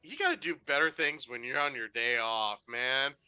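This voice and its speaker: A game master voicing an adult male clown whose jolly act hides a gruff drinker, swinging between forced cheer and cursing. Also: medium pitch, moderate pace, pushed and bright, faint music behind, pitched below the performer's own voice.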